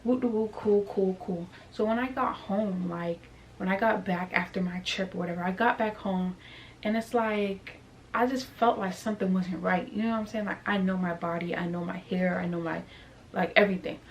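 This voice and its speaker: A woman's voice: fairly low pitch, moderate pace, slight background noise. Chatty young woman telling a storytime. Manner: chatty and animated, heavy on fillers like "like" and "you know what I'm saying". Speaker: vlogger. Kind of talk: casual storytime.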